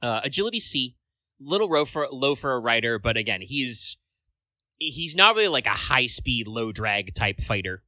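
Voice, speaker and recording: A man's voice: medium pitch, sing-song, normal speed, pushed and bright, no echo. A man co-hosting a casual podcast chat, rambling along with lots of filler words and casual swearing. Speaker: podcast co-host.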